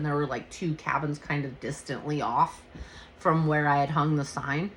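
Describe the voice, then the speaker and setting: A woman hosting a podcast, telling a personal story in a casual, animated way and swearing freely. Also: sits low, normal speed, a little hiss or hum. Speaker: podcast host.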